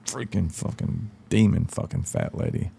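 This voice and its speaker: A man with a very low, gravelly voice telling stories as a podcast guest. His tone is dark and heavy, and he swears freely and bluntly. He slips into the voices of the people in his stories. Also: huge pitch swings, moderate pace. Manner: profane, blunt, acts out quoted dialogue. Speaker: podcast guest, country singer. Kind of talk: casual storytelling chat.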